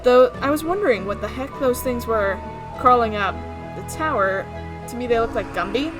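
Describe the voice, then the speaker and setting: A woman hosting a let's play, reacting with excited gushing. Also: fairly high pitch, normal speed, over music. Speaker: gaming video host.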